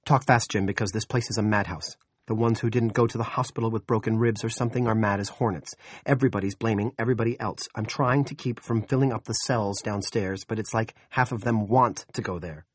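A man voicing a frazzled middle-aged male police chief who talks out of breath, rapid and worried. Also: mid-range voice, animated, husky, no echo, clean studio sound, voice pushed up. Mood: harried.

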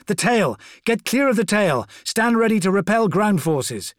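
A man's voice: high voice, sing-song, a little slow, no echo, studio quality, voice pushed up. A man voicing an armored male warrior commander who roars orders in the heat of battle. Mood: bellowing.

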